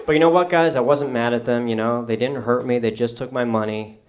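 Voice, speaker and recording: Very noisy audio captures a young New York-area stand-up working a comedy club stage at a brisk pace. His pitch sits in the middle, and he narrates flatly while giving the quoted people animated voices.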